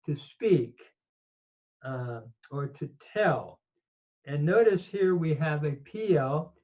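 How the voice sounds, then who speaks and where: A man lecturing on Hebrew grammar at a very slow, measured pace, in a voice pitched a little high for a man. He reads a verse and then picks through its grammar, with slightly dull, lo-fi audio. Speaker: Bible teacher.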